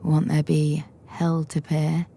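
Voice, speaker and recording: Ghostly woman, terse and unreadable, read by a woman; low, dark, hushed. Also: takes it slowly, breathy edge, heavily acted. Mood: cool. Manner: quiet, flat and terse.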